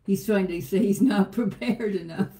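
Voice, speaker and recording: Hoarse woman, mellow tone, chatty and rambling co-host. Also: medium pitch, moderate pace. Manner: chatty, rambling storyteller, laughs easily. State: hoarse, a frog in her throat. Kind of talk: casual chat.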